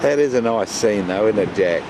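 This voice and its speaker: A man's voice: on the low side, expressive, brisk. A man, narrating a casual travel vlog outdoors on the coast and chatting to his dog. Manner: chatty, talks to his dog, repeats himself. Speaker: travel vlogger. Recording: loud wind noise outdoors.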